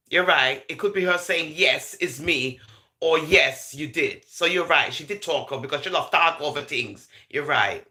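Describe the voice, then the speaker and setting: A woman giving lively, laughing commentary to viewers, slipping into patois as she goes. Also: fairly low pitch. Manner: animated, laughing, patois-flavored gossip talk. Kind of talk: casual live commentary.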